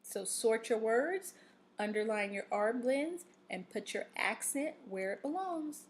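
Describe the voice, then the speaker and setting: Slow, patient woman teaching reading. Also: a little high, lively intonation, a little hiss or hum. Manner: patient, instructive, with frequent fillers and "okay?" checks. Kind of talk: recorded reading lesson.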